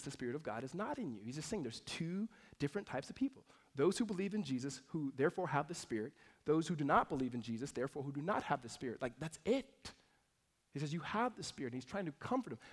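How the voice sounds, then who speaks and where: A man, preaching a conversational sermon that swings between loud emphasis and soft asides. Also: sits high. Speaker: pastor.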